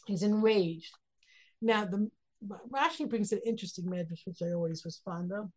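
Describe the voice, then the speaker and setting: A woman's voice: medium pitch, normal speed, darkish tone. A woman teaching a text study class, reading verses aloud and then explaining them, acting out the quotes with rising emphasis. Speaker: Torah teacher.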